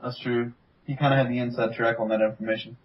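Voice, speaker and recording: A young man chatting casually over an online call, blunt and quick to swear. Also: mid-range voice, flat delivery, lo-fi sound. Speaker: co-host. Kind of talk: casual chat.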